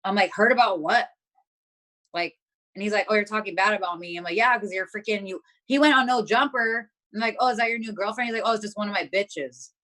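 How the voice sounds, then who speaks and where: A young woman, guesting in an interview, tells a story bluntly in casual chat, swearing a lot and leaning on filler words. Her mid-range voice is sharp and fast.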